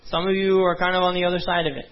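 A man's voice: high-pitched, level tone, rapid-fire. A young man preaching a sermon as a pastor, earnest and conversational, with frequent asides to the congregation. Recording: dull lo-fi sound.

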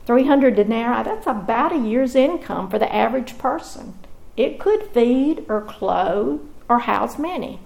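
Brief: woman Bible teacher, slightly high voice with gravelly fry, measured devotional telling. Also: lively intonation, a little mellow, rough recording.

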